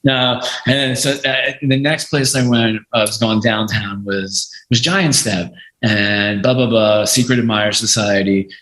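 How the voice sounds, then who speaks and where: A man and podcast guest telling a story in a casual, animated way, swearing freely and acting out what others said. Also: on the low side, measured pace. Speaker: podcast guest, music lawyer. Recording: echoey room.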